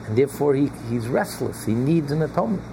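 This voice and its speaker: A man leads a small study group at an even, middling pitch, pressing his points with emphatic repetition. He chuckles now and then as he explains. A faint hum sits under the recording. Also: fast talker. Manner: emphatic, repeats key phrases, chuckles often. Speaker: Torah class teacher.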